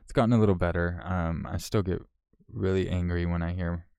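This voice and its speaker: A man with a low, gravelly voice chats live with his viewers in a close, dry recording. He talks frankly, curses often and circles back on himself mid-sentence. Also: steady tone, fairly quick, a little mellow, no echo. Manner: frank, profane, rambling with restarts. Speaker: live streamer answering chat. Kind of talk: casual live chat.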